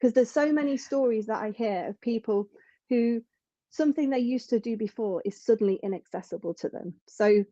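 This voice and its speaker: A woman's voice: fairly high pitch, normal speed, dark tone, no room sound, dull audio. A woman speaking as a podcast guest in an earnest, reflective way, often restarting her sentences. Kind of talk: conversational interview.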